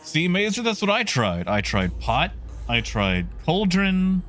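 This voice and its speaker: A man's voice: sits high, wildly swooping pitch, measured pace, fairly bright tone, slight background noise. A man streaming a game, chatting casually and greeting viewers in the chat by name.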